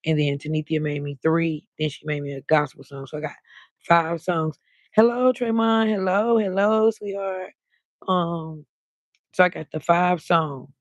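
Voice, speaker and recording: A deep, gravelly woman's voice, recorded without echo, belongs to a late-night livestream host. She chats casually, greets viewers by name, and lets her words drag out.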